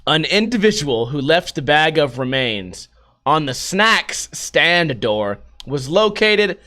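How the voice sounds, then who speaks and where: A man with a high, bright voice hosts a casual news-commentary podcast. He jokes and curses freely as he goes, and breaks into laughter often. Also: big pitch swings, slow pace. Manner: profane and joking, laughs often. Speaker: podcast host.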